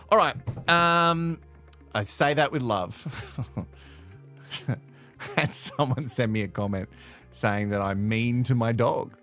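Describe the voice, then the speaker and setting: A man's voice: mid-range voice, slow pace, long pauses, fairly bright tone, faint music behind. A man from Australia hosting a live show from home in playful, teasing casual commentary. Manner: chatty, playful, teasing, laughs often. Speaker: host.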